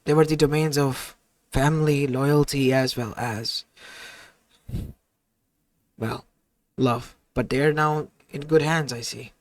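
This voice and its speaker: A man voicing a gentle, confused young male titan in an improvised fan-fiction audio story, with a hesitant, stammering delivery. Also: medium pitch, steady tone, takes it slowly, long pauses, no echo. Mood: earnest.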